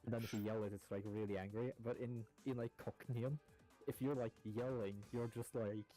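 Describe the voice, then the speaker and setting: A man's voice: medium pitch, steady tone, normal speed, dark tone, faint music behind. A man talking casually while gaming, rambling with many fillers and casual swearing. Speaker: gamer.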